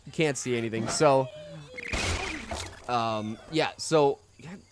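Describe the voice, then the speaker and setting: A man's voice: medium pitch, slow, noisy background. A man telling a story in casual let's-play commentary, rambling with many fillers. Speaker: video game commentator.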